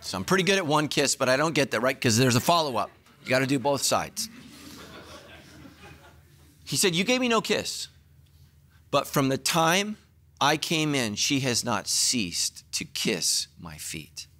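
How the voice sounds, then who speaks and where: A middle-aged man preaching a sermon as a pastor, telling the story with acted-out dialogue and sudden swings between loud and hushed. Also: unhurried. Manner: animated storytelling, acting out dialogue with big pitch swings.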